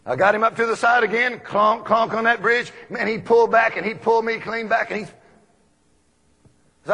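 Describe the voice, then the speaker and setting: A man from Texas, preaching a folksy storytelling sermon full of animated anecdotes. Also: high voice, normal speed. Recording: long echoey hall reverb.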